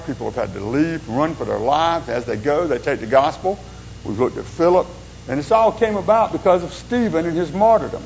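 A male pastor gives an informal sermon. He tells stories in a loose, folksy way and drops in joking asides, and his voice sits a little high. The recording is dull and lo-fi, with a faint hum. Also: darkish tone.

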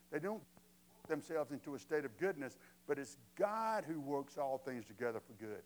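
A man's voice: medium pitch, animated, a little fast, slight background noise, rough recording. A man preaching a sermon as pastor, conversational and emphatic, asking the congregation rhetorical questions.

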